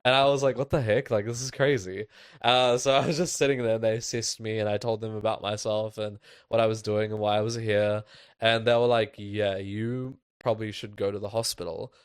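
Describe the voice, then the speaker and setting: A man's voice: lowish voice, little pitch movement, brisk, clear, resonant tone, no echo. A young man hosting a podcast, telling a personal story in a loose, casual way with lots of fillers. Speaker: podcast host.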